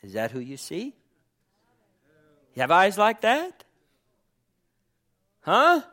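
A male pastor preaching a sermon with passion, swinging from loud calls to hushed whispers and repeating phrases with cries of amen. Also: high-pitched, huge pitch swings, takes it slowly.

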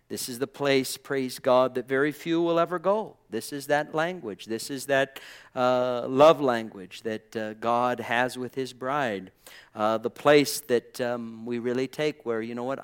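A man preaching a sermon, his delivery swinging from quiet musing to loud fervent exclamations, with frequent amens and praise interjections. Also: medium pitch. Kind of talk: sermon, Bible teaching.

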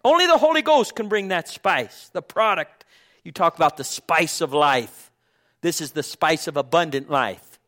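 Impassioned preacher man, fairly high voice. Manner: impassioned preaching that swings from loud calls to hushed whispers; repeats phrases and calls out amen. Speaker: pastor. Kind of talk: sermon.

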